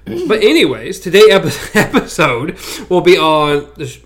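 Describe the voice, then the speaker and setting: A man co-hosting a podcast in casual review chat, animated and self-mocking. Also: on the high side, moderate pace. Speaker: podcast co-host.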